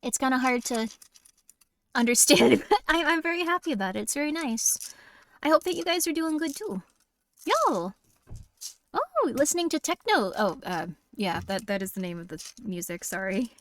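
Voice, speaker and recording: A woman's voice: sits high, sing-song, normal speed, fairly bright tone. A young woman streaming horror games, chatting casually in a bubbly, giggly, rambling way. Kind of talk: casual live-stream chat.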